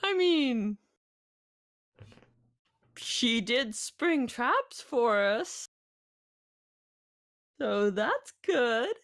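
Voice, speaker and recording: A woman player talks slowly through her plans at the table. Her voice sits a little high and moves around a lot. The sound is dry and close. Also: very animated, a bit bright. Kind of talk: casual tabletop play.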